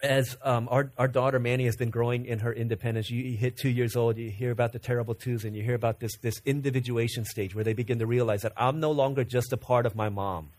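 A man's voice: mid-range voice, steady tone, fast, hardly any pauses, a little mellow. A man in his thirties preaching a sermon, telling a family story with quoted dialogue and many rhetorical questions. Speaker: pastor.

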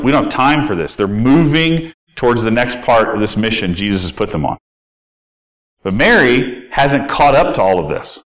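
A man's voice: medium pitch, a bit bright, poor audio. Male pastor, conversational sermon delivery, candid asides, mid-range voice.

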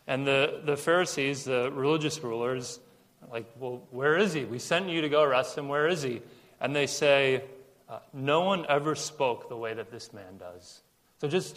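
A man's voice: mid-range voice, a bit bright. A man preaching a sermon in a casual storytelling way, acting out quotes and often repeating words as he talks. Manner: casual storytelling with acted-out quotes and frequent repetitions. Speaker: pastor. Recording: long reverb of a large room.

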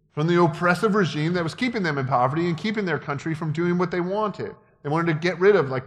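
A man preaching a sermon in a conversational, joking way that builds to emphatic peaks. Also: medium pitch. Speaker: pastor. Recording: long hall reverb.

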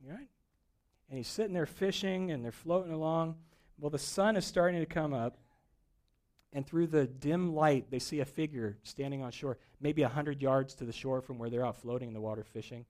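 A man's voice: on the high side, normal speed, a little mellow. Storytelling preacher man. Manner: storytelling preacher, acts out dialogue, rising and falling intensity. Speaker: pastor. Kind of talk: sermon.

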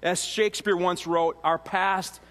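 A pastor giving a sermon in a relaxed, conversational teaching manner, often restarting phrases and adding asides. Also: male voice, high-pitched, unhurried. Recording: long reverb of a large hall.

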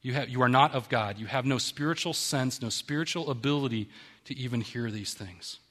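A man's voice: medium pitch, fairly quick, fairly bright tone, in a large hall. A man preaching a sermon, reading scripture aloud and then explaining it in a conversational, emphatic way. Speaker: pastor.

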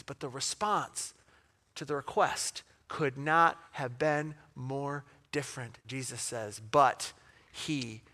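A man preaching a sermon, telling a parable in an animated way, with asides and rhetorical questions. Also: a little high. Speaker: pastor.

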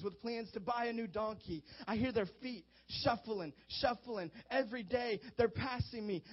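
A man's voice: on the high side, breathy edge, heavily acted. A man voicing a blind male beggar who pleads from the roadside in a straining, rising voice, on a dull lo-fi recording.

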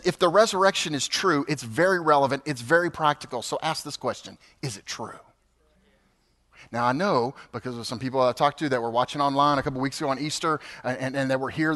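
A man in his fifties, a pastor preaching a sermon, animated and building to emphatic peaks. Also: a little high. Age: 50s. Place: church sanctuary.

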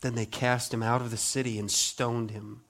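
A male pastor delivers a dramatic sermon, slowing down to stress key points and dropping into soft asides. His voice is medium in pitch and his delivery is flat.

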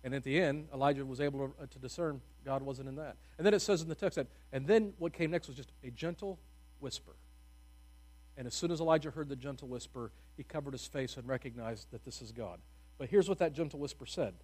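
Speaking in a mid-range voice that runs fairly quick, a man delivers a sermon in an easygoing, joking storytelling style. Bursts of loud emphasis give way to hushed, quiet drops.

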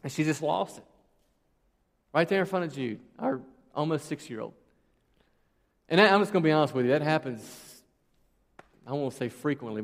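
A man in his thirties preaching a sermon, conversational and emphatic, with many rhetorical questions. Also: on the high side. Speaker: pastor. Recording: long reverb of a large hall.

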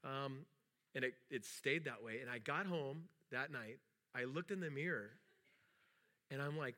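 A man's voice: medium pitch, unhurried, sharp tone. A middle-aged man, a pastor, preaching a sermon in a rambling storytelling way with many restarts. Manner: acts out quoted dialogue in a raised voice.

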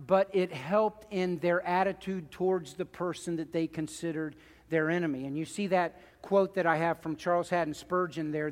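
Man, middle-aged pastor, sermon, high voice, long hall echo, loud then hushed. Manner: impassioned preaching, swinging from loud pleas to hushed asides.

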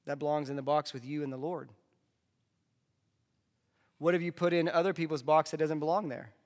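A man delivering a conversational sermon as a pastor, dropping into soft asides. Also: on the high side, steady tone, normal speed. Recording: long hall reverb.

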